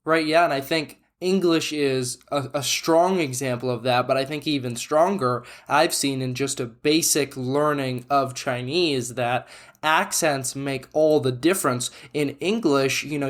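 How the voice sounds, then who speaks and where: A man's voice: mid-range voice, fairly even intonation, unhurried. A man co-hosting a podcast, talking things through in a thoughtful, reflective way. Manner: thoughtful, reflective, frequent "you know" and restarts. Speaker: podcast co-host. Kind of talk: casual conversation.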